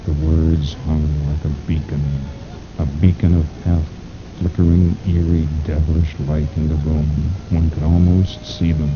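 A man's voice: flat delivery, measured pace. A man narrating pulp fiction aloud in a theatrical way, lingering on ominous words. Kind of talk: dramatic audiobook reading of pulp fiction. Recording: dull lo-fi recording with rumble.

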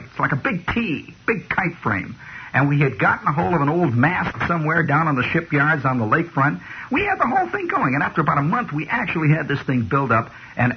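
Folksy male radio storyteller, high and lively, hissy old recording. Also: muffled recording. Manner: animated, folksy, building to shouts. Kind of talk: spoken storytelling monologue.

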